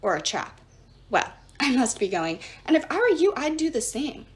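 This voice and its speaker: A woman's voice: high-pitched, very animated, normal speed, voice pushed up. Woman doing a brusque, impatient wine god.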